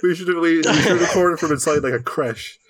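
A man's voice: a little high, fairly quick. A young man co-hosting a podcast, joking crudely and slipping into silly voices. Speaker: podcast co-host. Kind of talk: casual chat. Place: home room.

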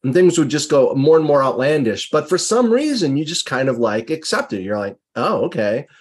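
A man's voice: on the high side, very animated, a little fast, breathy edge. A man hosting an interview, musing thoughtfully with frequent hesitations. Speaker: podcast host. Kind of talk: conversational interview.

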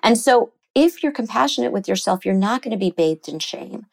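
A woman psychotherapist talking in an interview, animated and explaining ideas, often slipping into quoted voices. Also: fairly high pitch, brisk, vocal fry. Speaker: psychotherapist guest. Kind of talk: conversational interview.

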